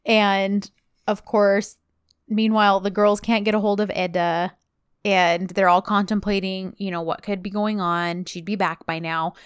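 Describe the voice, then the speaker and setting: A woman's voice: mid-range voice, level tone, measured pace, clear, resonant tone, no room sound, studio quality. A woman co-hosting a casual podcast, recapping a TV episode and pointing out plot holes. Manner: chatty storyteller, picks at plot holes. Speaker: podcast co-host recapping a TV series. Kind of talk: casual chat.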